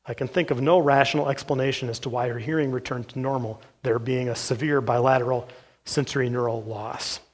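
A man preaching a sermon as pastor, reading case accounts aloud from a book in an earnest, steady way with the odd "uh". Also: medium pitch, fairly quick.

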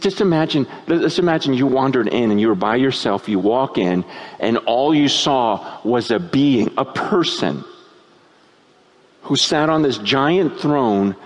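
A man preaching a sermon at a tent meeting, moving from hushed, low musings to loud, shouting peaks. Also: unhurried. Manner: animated, swinging from hushed to shouting.

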